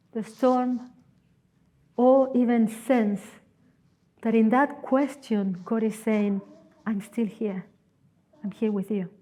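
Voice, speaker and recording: A woman with a non-native English accent preaches as a guest speaker in a church. Her voice is a little high and warm, and she tells stories in an earnest, emphatic way with dramatic pauses.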